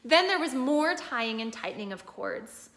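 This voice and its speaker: A woman reads a storybook aloud in a steady, expressive storytelling voice, pausing now and then to explain a picture. Her voice is high and her pace moderate, and the room sounds echoey.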